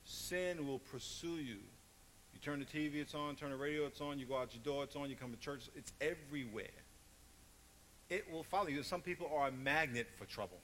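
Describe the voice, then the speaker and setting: A man's voice: fairly high pitch, fairly quick, a bit bright. A male pastor preaches with emphatic, repetitive storytelling. His voice sits a little above the usual range for a man. A faint hum runs underneath. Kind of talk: sermon.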